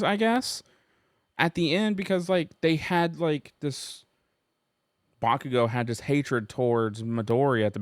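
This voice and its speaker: Slow-talking man rambling about anime. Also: medium pitch, smooth, dry recording, clean studio sound. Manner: rambling, emotional, with frequent restarts and fillers. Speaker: anime reviewer. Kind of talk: casual vlog commentary.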